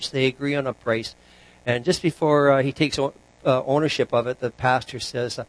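A man preaching as a pastor, telling a joke story in a relaxed, chatty way with asides to the congregation. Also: mid-range voice, moderate pace, no echo, rough recording.

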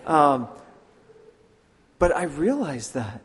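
A man preaching a sermon in an earnest way, slipping into lively voices when he tells a story. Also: on the high side, measured pace. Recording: long hall reverb.

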